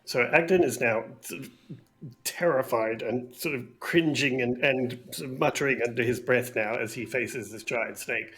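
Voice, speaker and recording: A man's voice: medium pitch, moderate pace, a bit bright. A man narrating a tabletop game as game master, casual and hesitant with many fillers.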